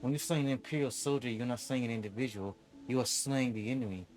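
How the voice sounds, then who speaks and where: A man reading the lines of a proud, smug woman general from a game, in a cool, measured, haughty way. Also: mid-range voice, fairly even intonation, a little mellow, faint music behind, lightly acted.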